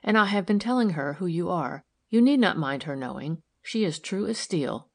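A woman reading an audiobook, voicing the lady of the house, who speaks firmly and quietly. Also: fairly low pitch, expressive, normal speed, creaky. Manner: firm and quiet, sometimes stern. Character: firm, gentle lady of the house, middle-aged. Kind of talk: audiobook character voice.

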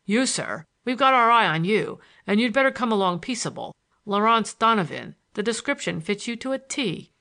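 A woman's voice: medium pitch, animated, normal speed, few pauses, sharp tone. A woman voicing a plain-spoken, folksy country sheriff who insists he is only doing his duty. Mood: stern. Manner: folksy, dutiful. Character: plain-spoken rural sheriff, middle-aged man.

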